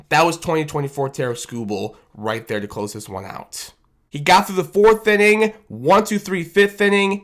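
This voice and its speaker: A man giving a casual, animated recap of his team's loss as a fan commentator, self-deprecating and rambling, talking into a desk microphone. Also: a little high. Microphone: desk microphone on camera.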